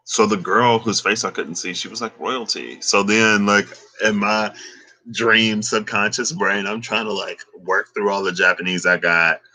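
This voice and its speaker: A man casually recounting a dream, relaxed and slangy, chuckling now and then. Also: on the low side, measured pace. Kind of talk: casual storytelling.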